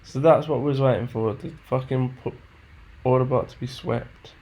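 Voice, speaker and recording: A man's voice: mid-range voice, fairly even intonation, moderate pace, mellow, husky. A man who thinks aloud while he trades. He talks to himself, sounds frustrated and swears often. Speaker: trader backtesting charts. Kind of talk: muttering commentary to himself.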